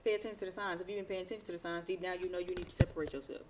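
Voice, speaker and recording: A woman's voice: fairly low pitch, steady tone, very fast, very noisy. A woman doing a casual tarot reading, talking in slangy, profane, rambling asides and laughing often. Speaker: tarot reader.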